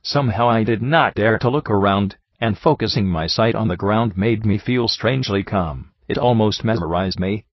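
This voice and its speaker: Low-voiced guy reading a book aloud, steady pace, dry muffled lo-fi recording. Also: normal speed, hardly any pauses, no echo. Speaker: audiobook narrator. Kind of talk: scripted narration.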